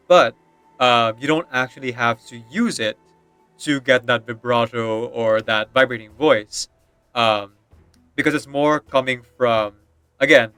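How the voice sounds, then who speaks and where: Chatty laughing male gamer, bright voice. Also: mid-range voice, normal speed, no room sound, soft background music. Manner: rambling, laughs often, many fillers. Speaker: streamer. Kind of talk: casual chat while gaming.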